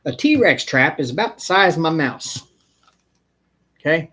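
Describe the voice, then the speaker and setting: A man's voice: mid-range voice, animated, moderate pace, fairly bright tone, slightly rough. A man hosting a live stream, telling a long story in a rambling, casual way. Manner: rambling storyteller, acts out the people he quotes. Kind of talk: casual chat.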